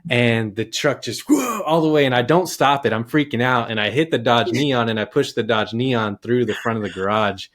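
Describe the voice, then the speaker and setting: A man in his thirties from Texas, a podcast guest telling a childhood story in a lively, casual way with many restarts. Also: medium pitch, normal speed, hardly any pauses.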